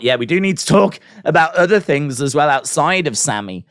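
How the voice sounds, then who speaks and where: A man's voice: a little high, expressive, a little fast, a bit bright, dry recording, clean studio sound. A man hosting a wrestling watch-along live stream, rambling casually with restarts and fillers.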